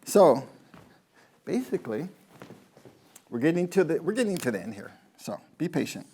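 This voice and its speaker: A man's voice: a little high, sing-song, normal speed, dark tone, slightly rough. A man, a golf pro, giving a rambling motivational talk to a live audience, telling stories and asking the crowd questions.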